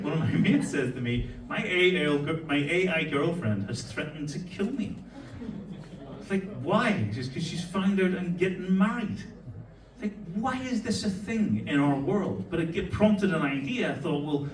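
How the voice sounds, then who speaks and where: A man's voice: a little high, reverberant, recorded from a distance, a little hiss or hum, poor audio. A young man doing a profane stand-up comedy set and chatting with the crowd. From Ireland. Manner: profane, brash, laughing at his own jokes. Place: comedy club stage with a laughing audience.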